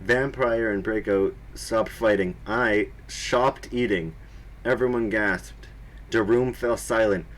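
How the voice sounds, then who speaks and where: A man's voice: fairly low pitch, slow pace. A young man doing a comedic reading of a story, breaking off to mock the writing. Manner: mocking, breaks to laugh and comment. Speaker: reader and commentator. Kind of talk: comedic dramatic reading with commentary.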